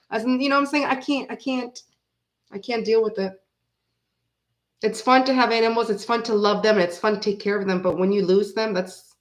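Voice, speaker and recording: A woman in her forties, hosting a card reading stream and chatting casually with viewers, rambling through stories and laughing often. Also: mid-range voice. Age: 40s. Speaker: tarot reading host. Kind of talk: casual livestream chat with viewers. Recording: roomy echo.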